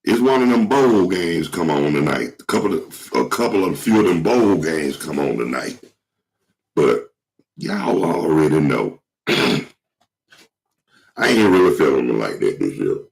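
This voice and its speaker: A man with a cold and a hoarse throat, rambling casually to his viewers in slangy, swear-filled talk. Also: a bass voice, sing-song, measured pace, poor audio. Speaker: vlog host.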